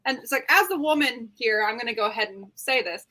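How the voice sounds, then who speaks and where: A woman with a high, bright voice co-hosts a relaxed livestream chat over a video call. She talks in a chatty, giggly way and often restarts her sentences. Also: quick pace, poor audio. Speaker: co-host.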